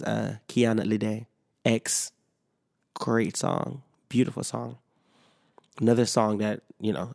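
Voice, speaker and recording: A man's voice: lowish voice, darkish tone, no room sound, clean studio sound. A man hosting a solo podcast, rambling casually with lots of swearing and fillers, sleepy and a little sick. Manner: rambling, profane, frequent fillers and restarts. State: sleepy, yawning; slightly sick. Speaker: podcast host.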